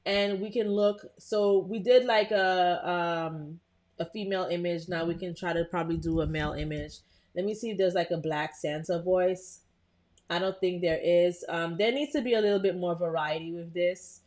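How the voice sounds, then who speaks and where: A woman's voice: lowish voice, steady tone, normal speed, darkish tone. Chatty woman hosting a live tutorial. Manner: chatty, talks to live viewers, frequent "um" and restarts. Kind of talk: casual live screen-share tutorial.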